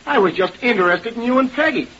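A man's voice: very high voice, lively intonation, fast talker, bright, forceful tone, breathy edge, full character voice. A man playing a teasing, breezy backstage busybody in 1930s radio acting. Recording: muffled old radio recording.

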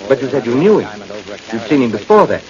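A man playing a skeptical family doctor in 1940s radio acting, calmly reasoning and probing with questions. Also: medium pitch, fairly quick, a crowd in the background, close to an everyday voice. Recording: dull old radio recording with faint hiss.

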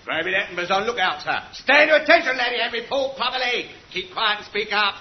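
An actor playing a brisk, no-nonsense army sergeant with a clipped, stern way of talking. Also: male voice, sits high, lightly acted. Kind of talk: comedy sketch acting. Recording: dull lo-fi recording with faint hiss.

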